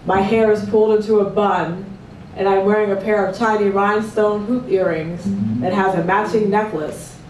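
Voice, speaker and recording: A woman giving a live reading of her own poems, in a plain and measured way. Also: mid-range voice, fairly even intonation, darkish tone, slight background noise. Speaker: poet reading her work. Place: event hall at a book party. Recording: echoey room from far off. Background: live music playing.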